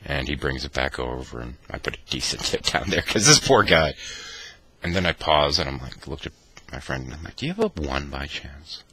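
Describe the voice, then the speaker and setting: A man vlogging, telling a wry personal anecdote in an animated, mock-dramatic way. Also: extremely low pitch, a little fast, husky. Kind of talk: anecdotal storytelling.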